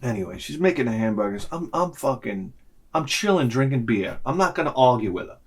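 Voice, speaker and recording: This middle-aged man's voice is medium-pitched, fairly quick, and slightly rough. In a casual, comedic vlog monologue he rants with animation, acting out other people's lines in their voices.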